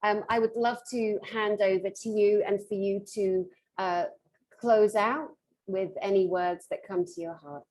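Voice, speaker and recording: A woman's voice: medium pitch, fairly even intonation, unhurried, a little mellow. A woman hosting a casual interview over a video call, effusive and enthusiastic. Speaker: host.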